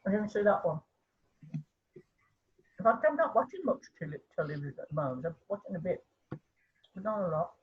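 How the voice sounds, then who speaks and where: A woman's voice: lowish voice, very animated, normal speed, long pauses, breathy edge. Older Birmingham woman on a muffled call. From Birmingham, England. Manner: chatty and reflective. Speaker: online class participant. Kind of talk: casual chat. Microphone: video call. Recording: dull lo-fi video call audio.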